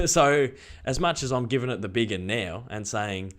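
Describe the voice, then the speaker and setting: A young Australian man chatting excitedly on a live stream and reading out viewer messages. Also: on the low side, fairly quick, few pauses. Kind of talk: casual live stream chat.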